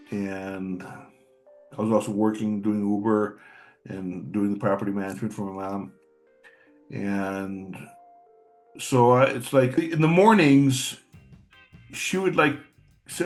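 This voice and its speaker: A man's voice: fairly low pitch, a little slow, faint music behind. A middle-aged man in a casual personal monologue, blunt and profane, rambling with repeated words. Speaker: channel host.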